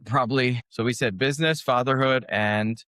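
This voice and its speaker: A man in his forties, a podcast guest, talking casually with lots of fillers and lively anecdotes. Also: mid-range voice, moderate pace, no echo, studio quality. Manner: conversational, animated anecdotes, many fillers. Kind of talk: casual interview talk.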